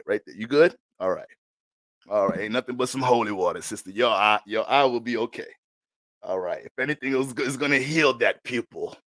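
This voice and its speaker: A man voicing a pastor who speaks low and soft in a comic skit, with a reassuring manner. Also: no room sound. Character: soothing pastor, adult man.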